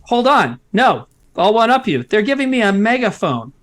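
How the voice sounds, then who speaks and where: A man's voice: sits high, normal speed. A man co-hosting a casual live stream, telling stories with lots of swearing. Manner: animated storytelling with lots of swearing. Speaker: co-host of a live-streamed comedy show. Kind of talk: casual chat.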